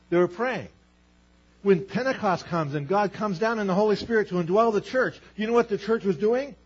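Husky high-voiced male preacher. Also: a little mellow, dull audio. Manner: emphatic preaching, acting out Bible voices. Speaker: pastor. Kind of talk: sermon.

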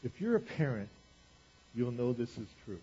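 A man preaching a sermon in an animated, conversational way, acting out quotes as he goes. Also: mid-range voice, moderate pace, husky. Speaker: pastor. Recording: dull lo-fi recording.

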